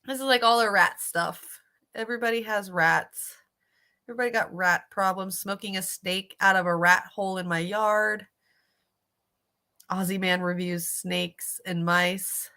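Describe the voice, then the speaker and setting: A woman's voice: mid-range voice, steady tone, unhurried, pushed and bright. A woman streamer reacting casually to videos, chatty and sympathetic, swearing freely.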